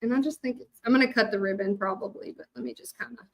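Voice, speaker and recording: Middle-aged Southern woman, Louisiana drawl, folksy crafting host with a slightly high voice, loose and rambling. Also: fast, creaky. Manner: chatty, rambling, many fillers, talks to viewers. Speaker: hand-lettering artist. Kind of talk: casual craft livestream chat.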